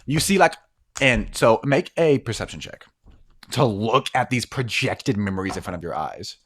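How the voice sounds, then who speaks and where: Lower-voiced man running a tabletop game. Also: lively intonation, moderate pace, fairly bright tone. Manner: rambling, many fillers, laughs often. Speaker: game master.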